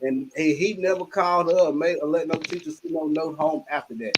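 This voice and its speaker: An older man hosting a livestream, telling animated childhood stories with laughter and acting out his mother's scolding. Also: fairly high pitch, brisk, background noise. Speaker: livestream host. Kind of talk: casual storytelling chat.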